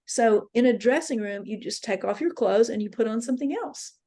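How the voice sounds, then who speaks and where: Her pitch fairly high and her tone dark, this woman speaks expressively and fairly quickly. She's running a dream workshop in an interfaith center meeting room, earnestly and reflectively recounting dreams she has had.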